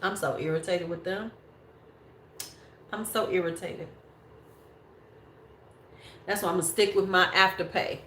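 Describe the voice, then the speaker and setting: A woman's voice: lowish voice, steady tone, a little slow, long pauses, a bit bright, slight background noise. A woman in her forties hosting a beauty livestream, chatting casually and bluntly with viewers and swearing freely. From United States. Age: 40s. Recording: echoey room.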